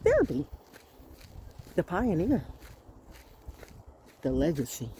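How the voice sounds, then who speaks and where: A woman in her sixties talks outdoors in a loose, rambling way, putting rhetorical questions to her listeners. Her pitch swings widely and expressively. The recording is noisy, with dogs around her. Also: lively intonation, a little slow, darkish tone. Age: 60s. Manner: musing, asks rhetorical questions. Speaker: vlogger. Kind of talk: rambling reflective monologue. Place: outdoors by a fenced yard with dogs.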